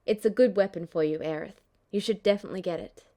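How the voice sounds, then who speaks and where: A woman voicing a quiet, stoic young male warrior, speaking in a flat, deadpan way for a fan-fiction audiobook. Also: lowish voice, quick pace, pitched below the performer's own voice, natural voice.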